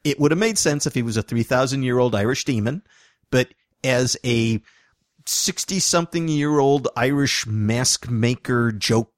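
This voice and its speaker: A man's voice: medium pitch, no echo, clean studio sound. A man co-hosting a podcast, joking and laughing through a casual chat about a film. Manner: joking, animated, quick to laugh. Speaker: podcast co-host.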